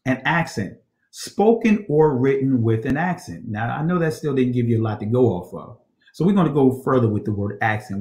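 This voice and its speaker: A man's voice: medium pitch, a little mellow. Lecturing man in an echoey room. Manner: rhetorical questions and frequent "all right?" checks. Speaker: teacher of ancient Hebrew. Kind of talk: scripture study lecture.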